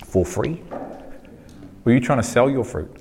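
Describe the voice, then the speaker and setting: A man preaches a sermon at a middle pitch. He keeps putting questions to his listeners and repeats his key words. The hall behind him rings with a long reverb. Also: unhurried, a little hiss or hum. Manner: animated preaching, rising in pitch when fired up; asks the audience questions, repeats phrases.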